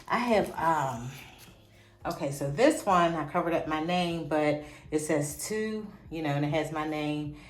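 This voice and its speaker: A woman from in her forties, chatting casually and excitedly as she shows off old keepsakes to her viewers. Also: sits low, measured pace. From Pittsburgh, USA. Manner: chatty, tickled, easily excited. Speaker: vlogger. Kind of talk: casual nostalgic show-and-tell. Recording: echoey room with soft background music.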